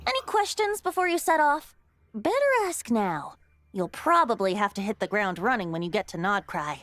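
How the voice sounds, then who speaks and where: A woman voicing a boyish, lighthearted yet wise male bard god in a video game, telling old lore in a measured way. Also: medium pitch, lively intonation, a bit bright, lightly acted. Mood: earnest. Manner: storytelling, measured. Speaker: game character. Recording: dry studio game dialogue.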